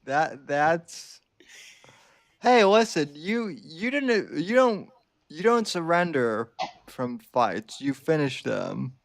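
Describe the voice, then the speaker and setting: A man hosting a podcast, teasing his co-host in dry, halting casual banter. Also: on the high side, sing-song, gravelly.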